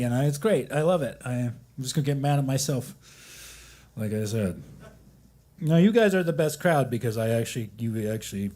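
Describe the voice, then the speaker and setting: Guy rambling thru a comedy bit at an open mic, halting and self-deprecating, average pitch. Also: darkish tone. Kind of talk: stand-up comedy set. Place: coffee shop open mic.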